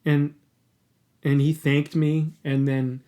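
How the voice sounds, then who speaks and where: A man's voice: a little high, little pitch movement, slow, warm tone. A man hosting a podcast, telling a personal story in an earnest, candid way and swearing casually. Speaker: podcast host.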